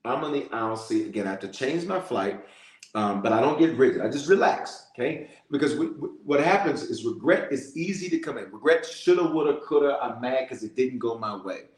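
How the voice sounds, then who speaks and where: A male bishop preaching in a lively storytelling way and calling out to his listeners. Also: medium pitch, fairly quick, echoey room. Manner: storytelling, animated, calls out to listeners. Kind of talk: sermon-style prayer message.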